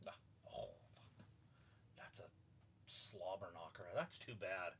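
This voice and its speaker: A laid-back man co-hosting a watch-along in low-key casual chat. His voice is very deep and relaxed. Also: slow, gravelly, a little hiss or hum.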